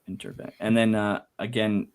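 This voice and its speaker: A man's voice: fairly low pitch, flat delivery, moderate pace, a little mellow, smooth. A man co-hosting a casual podcast, cracking jokes and reading out viewer comments. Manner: jokey, reads out viewer comments. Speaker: podcast co-host reading chat. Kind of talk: casual chat.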